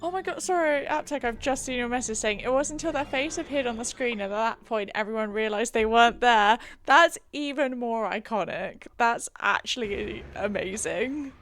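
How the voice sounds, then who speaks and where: A woman's voice: on the high side, normal speed, few pauses, a bit bright, no echo. A young woman from England chatting casually on a live stream, giggly and reading chat aloud into a desk mic. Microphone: desk mic she keeps bumping.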